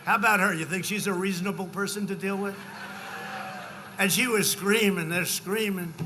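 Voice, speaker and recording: A man in his seventies giving a rambling, off-the-cuff campaign rally speech, full of repetitive asides to the crowd and shouted emphasis. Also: sits high, fairly even intonation, moderate pace, noisy background. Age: 70s. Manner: swings into shouted emphasis on numbers. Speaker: politician addressing a rally. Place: large political rally.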